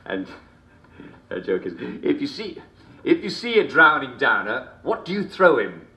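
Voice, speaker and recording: An actor playing a jovial, sinister English comedy show host in a video game, theatrical and chuckling constantly between jokes. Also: male voice, medium pitch, very animated, unhurried, pushed and bright, full character voice. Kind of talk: scripted video game character performance. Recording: roomy echo.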